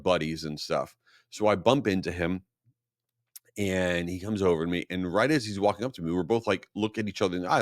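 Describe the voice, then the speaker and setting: A man hosting a solo marketing podcast, talking casually and telling stories with a self-mocking, animated manner. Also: sits low, no room sound, clean studio sound. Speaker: podcast host.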